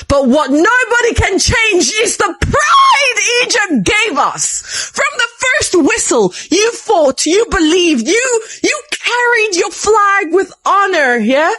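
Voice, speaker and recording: A woman football fan giving an emotional, impassioned tribute, near tears and at times shouting. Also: extremely high pitch.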